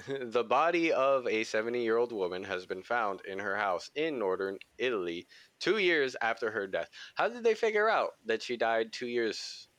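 A man's voice: mid-range voice, sing-song, moderate pace, a bit bright, dry recording. A man co-hosting a podcast in casual chat, rambling and swearing freely, laughing often. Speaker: podcast co-host.

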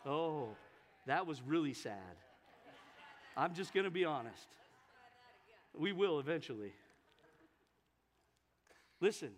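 A man preaching a sermon as pastor in a church, emphatic and building to loud, fervent exhortation. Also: a little high, lively intonation, slow pace, long pauses, in a large hall. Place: church sanctuary.

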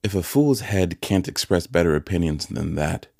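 A man voicing a sharp-tongued, scolding older sister in an audiobook, curt and stern. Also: deep voice, expressive, moderate pace, gravelly, exaggerated voice.

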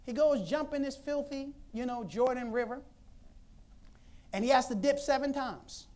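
A woman preacher telling a Bible story in an animated, conversational sermon, laughing often. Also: high-pitched, moderate pace.

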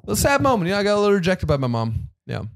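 A man's voice: sits high, wildly swooping pitch, very fast, vocal fry, dry recording, clean studio sound. A man from Germany hosting a casual podcast interview, telling stories animatedly and laughing often. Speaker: podcast host.

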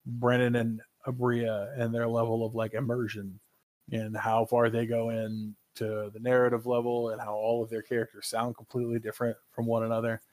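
A man co-hosting a gaming podcast in casual chat, animated and opinionated, swearing freely. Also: medium pitch, moderate pace, no echo. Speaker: podcast co-host.

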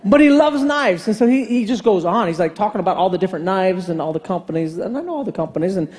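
A male pastor preaching in a loose, humorous storytelling style. He jokes and teases the congregation as he goes, keeping his delivery animated and conversational. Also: high voice, fast talker. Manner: animated, joking, chatty asides.

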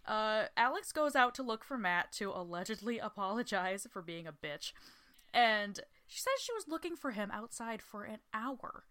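A young woman with a bright, crisp tone chats through a reality-show recap. She talks loosely, swears freely and laughs often, at an ordinary middle pitch. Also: expressive, moderate pace. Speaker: podcast co-host. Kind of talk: casual TV recap chat.

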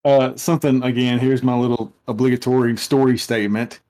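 A man's voice: mid-range voice, level tone, a little mellow. A man co-hosting a podcast, telling rambling stories in casual chat with lots of restarts. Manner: rambling, halting storyteller. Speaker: podcast co-host.

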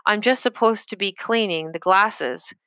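A woman's voice: medium pitch, unhurried, bright, forceful tone, no echo. A woman reading aloud, voicing a frightened, timid young boy with an anxious, subdued manner.

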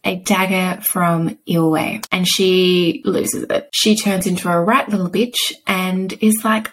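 A woman's voice: on the low side, fairly even intonation, slow, hardly any pauses, a little hiss or hum, rough recording. A woman co-hosting a book podcast, recapping the plot in blunt, slangy chat. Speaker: podcast co-host.

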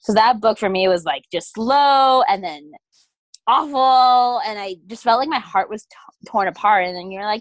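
A young woman co-hosting a casual book chat, animated and quick to act out what people said. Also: medium pitch, no echo. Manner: animated, acts out quoted lines, laughs often. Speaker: podcast co-host. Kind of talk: casual chat about books.

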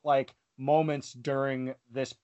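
A man's voice: medium pitch, flat delivery, slow pace, dark tone. A man co-hosting a casual wrestling chat, rambling and full of fillers. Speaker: podcast co-host.

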